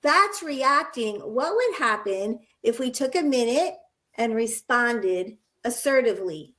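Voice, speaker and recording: High-voiced earnest woman educator. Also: expressive, takes it slowly, fairly bright tone. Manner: earnest, illustrates points with acted examples. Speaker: nursing educator and guest. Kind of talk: conversational interview, storytelling.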